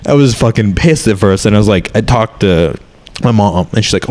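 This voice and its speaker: A man's voice: lowish voice, lively intonation, fairly quick, a little mellow. A man in his thirties, a comedian, talking candidly and rambling in a casual chat, swearing often.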